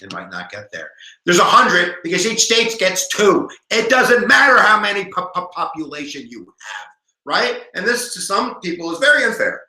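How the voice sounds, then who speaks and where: An American man in his forties, a former history teacher, giving a jokey, animated live exam review to viewers online. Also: high-pitched, normal speed, echoey room, poor audio.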